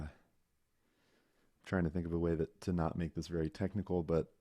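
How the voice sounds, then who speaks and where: A man with a very low, mellow voice explains microphones to a class, patient and methodical. He speaks close into his mic over a video call. The sound is dry, with no room echo. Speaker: audio instructor. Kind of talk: teaching a live online class.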